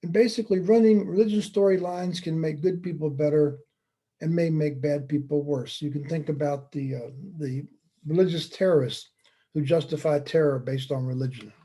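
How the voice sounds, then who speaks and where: A man delivers a relaxed slide lecture, mixing points with deadpan humor. His voice sits a little high for a man yet sounds deeply mellow and dark in tone. He keeps a chatty, wry manner throughout. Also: normal speed, husky. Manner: conversational, wry, telling jokes with deadpan asides. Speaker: speaker giving a talk. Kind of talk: presentation lecture with slides and jokes.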